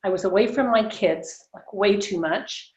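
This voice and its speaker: Casting note: woman in her 60s, animated storyteller on a video call, echoey and slightly muffled. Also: mid-range voice, moderate pace. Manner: animated, laughs often, acts out quoted dialogue. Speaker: guest.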